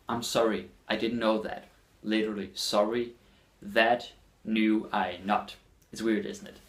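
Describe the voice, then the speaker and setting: A man with a Danish accent teaching his language in a casual lesson, repeating phrases slowly for learners. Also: on the low side, fairly even intonation. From Denmark.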